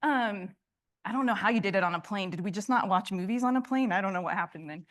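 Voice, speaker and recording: Speaking at a quick pace with a medium-pitched voice, a female conference speaker addresses the room with passion. She frequently restarts her sentences and puts questions to the audience.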